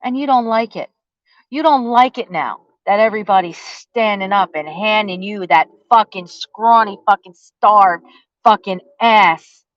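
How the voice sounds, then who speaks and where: A woman's voice: mid-range voice, measured pace, no room sound. Woman, profane angry rant, taunting, dry lo-fi sound. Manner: profane and confrontational, heavy cursing; defiant, taunting with rhetorical questions. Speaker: vlogger.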